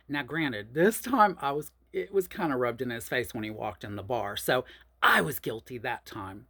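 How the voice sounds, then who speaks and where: A woman, telling a personal story in a chatty, profane, animated way. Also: a bass voice, moderate pace. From New Orleans, USA. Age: 50s. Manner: animated, profane, chatty, addresses listeners as y'all. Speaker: host.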